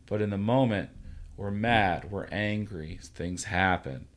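A man's voice: on the low side, takes it slowly, slight background noise. A man hosting a casual chat about fatherhood, who tells stories and reassures in an earnest way. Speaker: podcast host, father.

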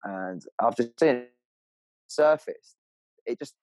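A young man, an angler, telling a story in an animated, rambling way full of fillers, on a clip-on mic. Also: mid-range voice, slow. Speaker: angler guest. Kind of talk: excited storytelling.

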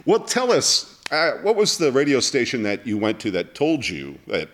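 A man's voice: medium pitch, huge pitch swings, moderate pace, a bit bright. A man hosting a casual talk show, rambling with lots of fillers. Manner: rambling with many fillers, laughs easily. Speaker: host.

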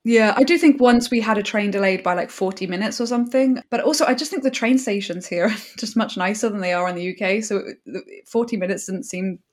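A woman's voice: medium pitch, quick pace, hardly any pauses. Chatty, laughing English woman. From England. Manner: chatty, laughs often, many "like" fillers. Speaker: guest. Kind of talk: casual interview chat.

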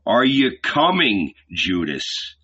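A man voicing a stern, wrathful male prophet-teacher, speaking slowly and commandingly, on a dull lo-fi recording. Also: fairly low pitch, very animated, pushed and bright, breathy edge, exaggerated voice.

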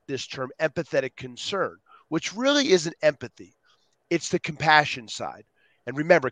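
A man on a podcast as a guest, talking with energy and acting out quotes in lively voices. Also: medium pitch, no echo. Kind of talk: animated interview talk.

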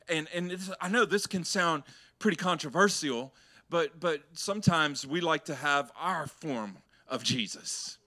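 A man's voice: fairly high pitch, a little slow, pushed and bright. A male pastor preaching a sermon, chatty and joking with the congregation, then pressing his points with rising emphasis. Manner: conversational, joking, building to emphatic.

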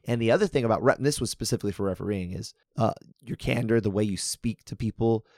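A man's voice: fairly low pitch, quick pace, a little mellow, no echo, studio quality. A man co-hosting a podcast in casual chat, talking things through and acting out little scenarios. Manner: chatty, restarts sentences, acts out scenarios. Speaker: podcast co-host.

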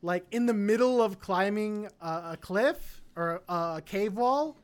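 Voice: medium pitch, unhurried. Blunt, rambling podcast co-host. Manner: rambling, many fillers and restarts; opinionated, blunt. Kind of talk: casual film review chat.

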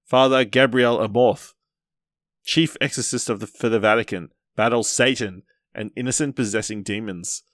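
A man hosting a film podcast, reading out trailer details and chatting in a steady way. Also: medium pitch, moderate pace, no room sound, clean studio sound. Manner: steady, reads listings, laughs easily. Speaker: podcast host.

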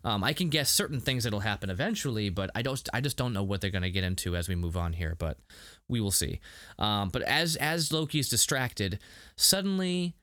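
A man co-hosting a casual podcast review, animated and laughing, with many restarts. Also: fairly low pitch, brisk, no echo. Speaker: podcast co-host.

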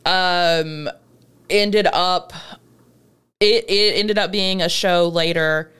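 Chill woman podcast cohost, kinda low voice, swears a lot, laughs easy. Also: fairly even intonation, extremely slow, fairly bright tone, smooth. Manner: laid-back, swears, laughs often. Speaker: podcast co-host. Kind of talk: casual chat.

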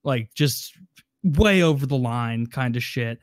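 A man in casual chat, talking quickly and eagerly, jumping in with his points. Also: mid-range voice, expressive, dry recording, studio quality.

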